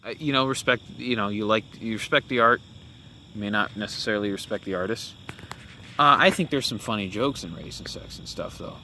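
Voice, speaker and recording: A young man hosts a podcast and delivers a casual opinion monologue in a bright, forward voice that is fairly low in pitch and a little fast. He rambles, restarting sentences, correcting himself, and filling gaps with "uh" and "you know." Faint hiss and insect sounds sit in the background.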